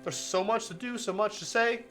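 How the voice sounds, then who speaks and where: A man's voice: sits high, moderate pace, fairly bright tone, soft background music. A male streamer reading a visual novel aloud, mixing narration with playful, profane jokey asides.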